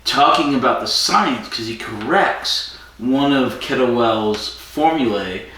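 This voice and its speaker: A man's voice: mid-range voice, animated, slow, sharp tone. A man co-hosting a podcast, rambling through a casual episode recap and acting out the characters' lines. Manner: rambling storyteller, acts out quotes. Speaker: podcast co-host. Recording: echoey room, distant from mic.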